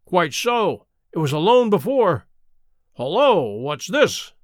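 A man voicing a sharp, self-assured male detective, measured and quietly commanding, with a high, lively voice. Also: dry recording, clean studio sound, full character voice. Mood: cool.

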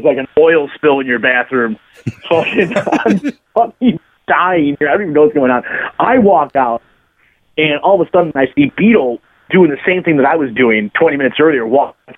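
A bass player on a podcast guest spot rambles through a profane anecdote in casual conversation, laughing as he talks. His voice runs on the high side and brisk, and the sound is lo-fi, like a phone call.

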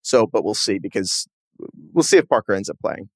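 Podcast co-host guy, super lively, rattles along quick, kinda jokey. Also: lowish voice, no room sound, clean studio sound. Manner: animated, quick and chatty, laughs at himself. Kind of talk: casual sports podcast chat.

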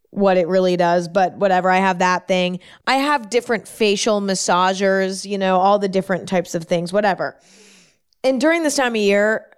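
A woman hosting her own show, talking alone in a chatty, rambling way with quick self-deprecating asides. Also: medium pitch, clear, resonant tone. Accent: put-on New York twang at times. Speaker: podcast host. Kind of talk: casual solo chat.

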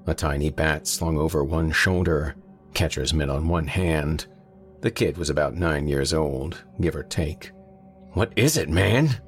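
Very deep-voiced male horror narrator. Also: steady tone, unhurried, faint music behind.

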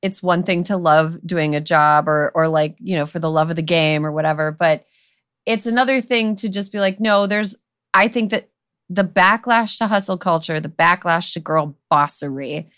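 A woman's voice: on the low side, moderate pace, fairly bright tone, smooth, no room sound, clean studio sound. A woman co-hosting a podcast, talking in a loose, rambling way with lots of "like" and "you know". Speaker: podcast co-host. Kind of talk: casual conversational chat.

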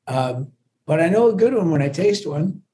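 A man's voice: fairly high pitch, expressive, moderate pace, warm tone, husky. A man chatting as a guest in a friendly interview over the phone, often restarting his sentences. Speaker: musician guest. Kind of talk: casual phone interview chat. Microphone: phone call.

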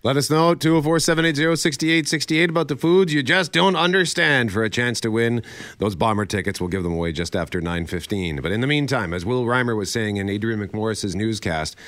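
A man hosting morning radio in an easygoing, unhurried way, with the odd laugh. His voice is dry and close on the microphone. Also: medium pitch, fairly bright tone, no room sound. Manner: easygoing, hesitant with fillers, laughs. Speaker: radio co-host. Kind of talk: casual morning radio chat. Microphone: studio microphone.

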